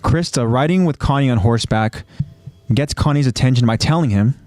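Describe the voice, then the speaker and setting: A man with a medium-pitched, darkish voice speaks a little fast, with no echo. On a casual podcast he co-hosts, he recaps an anime episode scene by scene and then chats about it informally.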